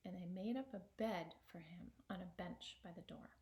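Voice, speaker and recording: Expressive woman storyteller in an echoey room. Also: lowish voice, moderate pace. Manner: expressive, dips into whispers for suspense. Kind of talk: oral folktale storytelling.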